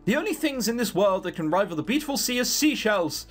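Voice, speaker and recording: A man's voice: high-pitched, big pitch swings, fast talker, faint music behind. A man reading the lines of a self-serious teenage boy narrator in a visual novel, melodramatic and self-conscious. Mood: earnest.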